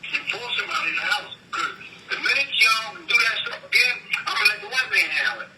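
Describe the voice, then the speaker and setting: A man's voice: high-pitched, huge pitch swings, a little fast, pushed and bright. An older man on a recorded phone call, insistent and lecturing, often repeating himself. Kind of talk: argumentative phone conversation. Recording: noisy distant phone line.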